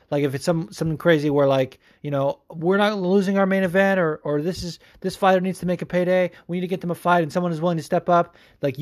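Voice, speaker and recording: Profane ranting podcast host, dry sound. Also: male voice, fairly high pitch, no room sound. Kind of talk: casual chat. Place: home room with cats.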